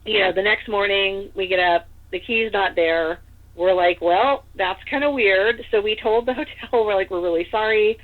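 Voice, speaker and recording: A Northern California woman with a mid-range voice, fairly even intonation and moderate pace tells a story as a podcast guest. She rambles chattily, leaning on "like" and "you know," and the audio is tinny, like a phone line.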